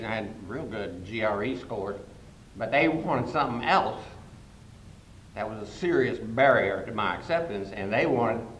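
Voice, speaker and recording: Older male conference speaker with a mid-range voice, spinning humorous tales in a roomy hall with a faint low rumble behind him. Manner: animated storyteller with sudden loud jumps. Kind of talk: humorous storytelling speech.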